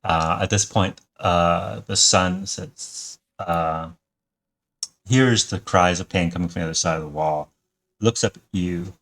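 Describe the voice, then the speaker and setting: Deep-voiced man running a tabletop game. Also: a little slow, a bit bright. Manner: easygoing, plain narration with fillers. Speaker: game master.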